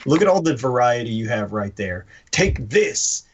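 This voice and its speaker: A man's voice: mid-range voice, a little slow, few pauses, dull audio. A man co-hosting a comic book podcast, talking animatedly and acting out lines for emphasis. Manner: animated, acts out lines with emphasis, laughs often. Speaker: podcast co-host. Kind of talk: casual chat.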